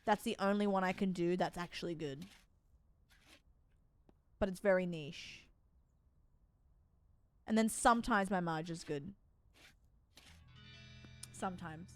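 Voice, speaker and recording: A woman's voice: on the low side, slow, long pauses. A young woman, chatting casually and joking about herself as she streams a game, with casual swearing. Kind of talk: casual gameplay commentary.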